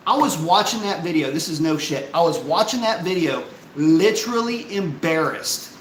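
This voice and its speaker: A man hosting a casual live stream, ranting in an animated, profane, exasperated way and reading out chat messages. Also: fairly high pitch, moderate pace, reverberant, slight background noise, rough recording.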